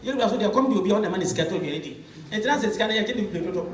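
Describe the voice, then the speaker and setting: Male interviewer with a high voice, laughs a lot, recorded far off in an echoey room. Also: lively intonation, racing. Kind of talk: casual conversational questioning. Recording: echoey room, distant mic.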